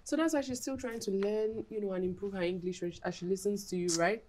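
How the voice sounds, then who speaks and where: A woman's voice: mid-range voice, fast talker, darkish tone, a little hiss or hum, close to an everyday voice. An actress playing a tired, strict mother and wife with a Nigerian accent, speaking firmly. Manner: firm, weary.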